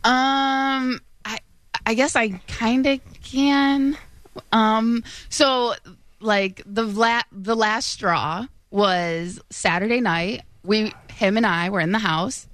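A woman's voice: a little high, slow, a bit bright, dry recording. A young woman co-hosting a radio show, chatting casually and laughing at herself while she rambles. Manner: self-deprecating, laughing, rambling.

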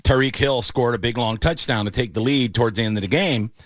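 A man hosting a casual sports talk show, telling stories with animated, mocking energy. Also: mid-range voice, fairly quick, no echo, lo-fi sound. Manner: animated storyteller, mocking voices in quotes. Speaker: podcast host.

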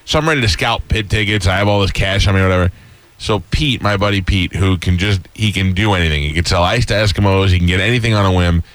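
A radio host with a low male voice, chatting casually with his guest. He laughs often and drifts into stories of his own. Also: quick pace, fairly bright tone, no room sound. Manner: laid-back, laughs along, tells his own stories. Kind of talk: casual interview chat.

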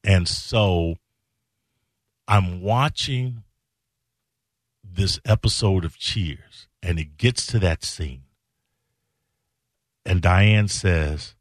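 A middle-aged man hosting a show, telling a personal story slowly and earnestly, with halting emphatic repetitions. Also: low-pitched, no room sound, studio quality. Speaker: show host.

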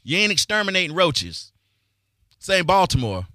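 A man's voice: sits high, sing-song, moderate pace, bright, forceful tone, dry recording, studio quality. A male radio show host talking in brash, joking, streetwise banter.

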